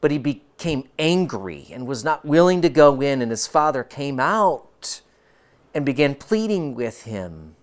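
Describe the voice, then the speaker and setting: A man's voice: medium pitch, very animated, unhurried. Emphatic male pastor preaching. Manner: emphatic, shifts between soft and loud. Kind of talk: sermon.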